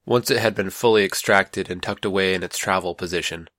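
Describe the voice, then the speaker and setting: A man with a low voice reads a story in a steady, measured way. The recording is close and completely dry, with no room echo. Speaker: narrator. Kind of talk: scripted audiobook narration.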